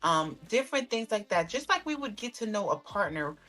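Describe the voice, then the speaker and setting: A woman podcast guest giving advice in a soft-spoken way. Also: mid-range voice, very animated, fairly quick, faint music behind. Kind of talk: conversational advice.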